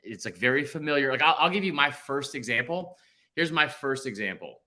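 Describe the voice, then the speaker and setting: A man's voice: mid-range voice, lively intonation, fairly quick, bright, forceful tone. A man in his thirties hosting a casual sports podcast, rambling and self-deprecating. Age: 30s. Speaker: podcast host.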